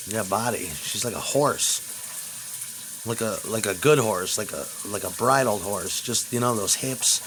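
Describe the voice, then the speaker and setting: A man in a rambling, crude monologue vlog, swinging between loud outbursts and low mutters, recorded at home. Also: normal speed, background noise.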